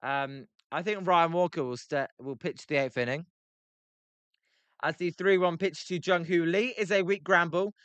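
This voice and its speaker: A man's voice: fairly high pitch, fairly even intonation, normal speed, fairly bright tone, clear, resonant tone, dry recording. A British man hosting a casual live watch-along stream, reading chat messages aloud between play calls, with lots of ums and uhs. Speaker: livestream host.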